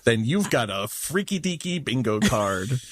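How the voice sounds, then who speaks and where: Male podcast co-host, jokey and animated, dry close mic. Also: mid-range voice, a little slow, dry recording. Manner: animated, jokey, laughs often. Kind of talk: casual TV recap chat.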